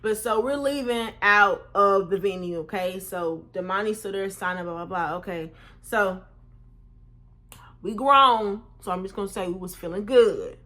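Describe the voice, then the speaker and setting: Animated young woman telling a story. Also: moderate pace. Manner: animated, swearing, acts out quotes in raised pitch. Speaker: vlogger. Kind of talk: casual storytime.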